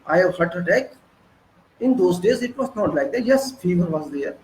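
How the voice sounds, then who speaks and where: A man's voice: high-pitched, lively intonation, moderate pace, reverberant, slight background noise, rough recording. A man in his sixties with an Indian English accent, giving an earnest moralizing lecture full of repetition and rhetorical questions. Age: 60s.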